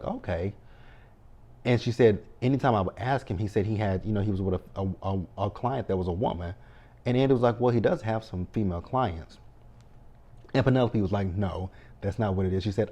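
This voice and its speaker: This TV show recapper has a lowish, dark voice. He runs through an episode in blunt, profane commentary, talking back to the characters as he goes.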